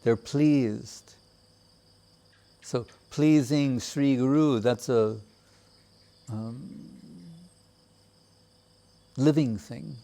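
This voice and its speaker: A man giving a measured, reflective devotional talk with many pauses. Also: medium pitch, creaky, mellow. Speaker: spiritual teacher. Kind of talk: devotional discourse.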